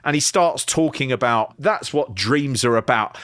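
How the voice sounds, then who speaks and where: A man's voice: mid-range voice, moderate pace, fairly bright tone, no room sound. A man co-hosting a comedic review podcast, laughing often and acting out quotes in funny voices. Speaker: podcast co-host. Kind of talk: casual comedic review chat.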